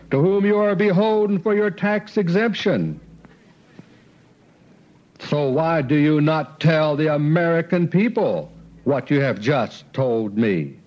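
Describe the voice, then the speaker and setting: A man reading a quoted speech aloud in a slow, deliberate, solemn way with emphatic pauses. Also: sits high. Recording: dull lo-fi recording.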